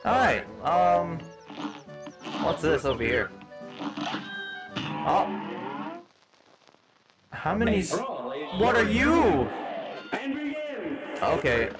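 A man playing a demon hedgehog doing let's-play commentary, panicky and yelping, over loud game music. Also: on the high side, big pitch swings, drawn-out words, pauses often, exaggerated voice, low-quality recording. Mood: frantic. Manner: panicky, yelps and repeats himself. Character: psychotic demon hedgehog, male, gaming. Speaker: gamer.

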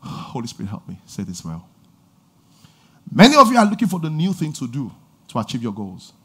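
A middle-aged man preaching a sermon in a church, with animated delivery and sudden loud exhortations. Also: mid-range voice, a little fast, husky. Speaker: pastor. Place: church auditorium.

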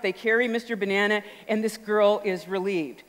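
A woman giving an animated storytelling talk on stage, acting out little voices and sounds as she goes. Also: mid-range voice, normal speed. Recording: long hall reverb.

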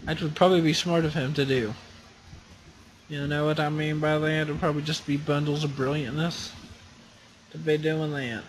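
A man commentating his own racing game, chatty and self-encouraging, bursting into loud excited exclamations. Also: fairly high pitch, normal speed, pauses often, a little hiss or hum, low-quality recording. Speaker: gaming channel host.

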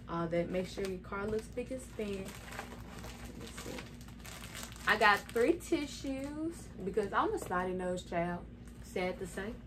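A woman's voice: medium pitch, noisy background. A young woman vlogging in a chatty, casual way, retelling what happened and quoting herself as she goes. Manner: chatty, retells moments with "I'm like" quotes. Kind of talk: casual storytelling vlog.

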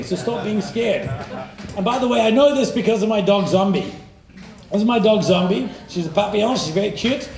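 An irreverent man speaks from a stage in a roomy, echoing hall. His voice sits high for a man and turns gravelly at the ends of phrases. He talks in a punchy way and keeps checking in with "right?". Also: darkish tone. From South Africa. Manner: irreverent, punchy, swears casually, asks "right?" often. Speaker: keynote speaker. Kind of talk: energetic conference talk. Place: large hall with live audience.

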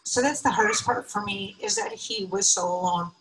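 A woman in her fifties telling a personal story on stage, emotional and heartfelt, her voice often jumping high. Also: huge pitch swings, normal speed, fairly bright tone, slight background noise, low-quality recording. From United States. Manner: emotional, heartfelt, with sudden high pitch lifts.

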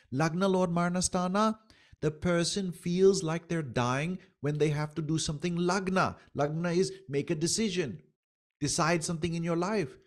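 Male astrology teacher, slightly high voice, animated lecturing that acts out little quoted exchanges.

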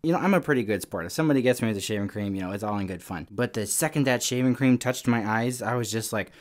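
A young man teaching a children's Sunday school lesson, telling a story in a casual, lively way. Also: fairly low pitch, fast talker. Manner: casual, storytelling to kids, animated.

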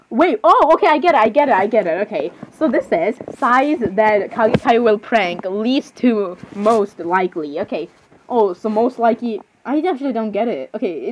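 A woman's voice: medium pitch, darkish tone. A young woman chatting casually, rambling and apologizing as she reads out lists and reacts. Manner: rambling, giggly, self-interrupting with frequent apologies. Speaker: fan reading creepypasta zodiac lists. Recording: slightly muffled, faint background hiss.

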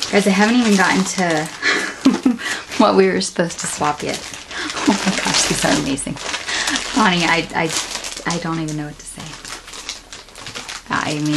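A woman's voice: on the low side, steady tone, normal speed, pauses often, heavy background noise. Breathless gushing woman vlogger. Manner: breathless, gushing, drops to whispers. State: shaking with excitement. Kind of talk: excited unboxing vlog. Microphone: camera on tripod.

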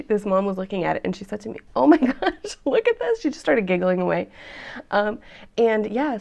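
A woman's voice: medium pitch, gravelly, a little mellow. A woman, hosting a vlog and chatting to viewers between giggles. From United States. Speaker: vlog host. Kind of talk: casual chat to camera.

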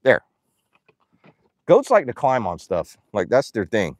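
At an animal ranch, a young adult man hosts a casual outdoor livestream, chatting, reading donor names aloud, and cooing at the animals. His medium voice swoops wildly in pitch at a measured pace, in a dry, studio-quality recording.

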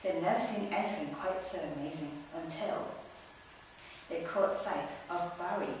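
A woman reading a children's picture book aloud with animated, expressive storytelling. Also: lowish voice, moderate pace, slight background noise. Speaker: storybook reader. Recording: echoey room, distant mic.

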